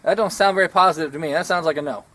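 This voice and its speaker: High-pitched guy teaching martial arts stuff outside, rambly and jokey. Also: rapid-fire, sharp tone, no room sound. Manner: folksy, rambling, self-deprecating. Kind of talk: casual instructional talk. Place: outdoors.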